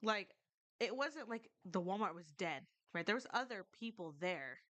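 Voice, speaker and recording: A woman's voice: medium pitch, animated, normal speed, a bit bright. A young woman streamer telling a true story in a loose, rambling way, with lots of fillers and casual swearing.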